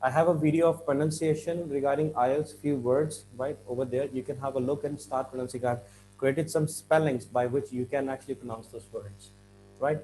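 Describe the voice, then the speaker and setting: Man clearing his throat as he teaches. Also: medium pitch, fairly even intonation, warm tone, soft background music, low-quality recording. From India. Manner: repeats "right?" often, clears throat, stresses words slowly. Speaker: IELTS teacher. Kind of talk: classroom-style explanation.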